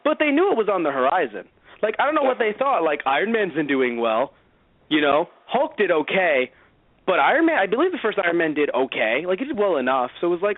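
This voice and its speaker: A man with a slightly high voice rants his way through a casual movie review, swearing freely and slipping into mocking voices. His pitch swings widely. The sound is dry and thin, as if it came through a phone line. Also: fairly quick, no echo. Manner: animated, profane, acts out mock dialogue. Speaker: podcast co-host.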